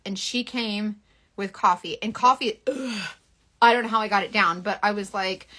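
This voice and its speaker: A woman, chatting loudly and bubbly on a live stream and reading out viewer comments. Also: medium pitch. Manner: loud, bubbly and animated, fast bursts with laughs. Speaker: beauty seller hosting a live stream.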